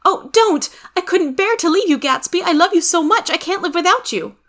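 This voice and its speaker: A woman voicing a frantic, lovesick young woman who pleads in high, breathless cries. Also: expressive, moderate pace, fairly bright tone.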